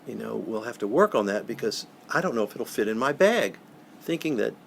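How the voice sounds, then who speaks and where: Older male guest, gravelly, earnest, halting interview storyteller. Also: mid-range voice, expressive, a bit bright, a little hiss or hum. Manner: earnest, halting, repeats words when moved. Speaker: professional Santa, guest.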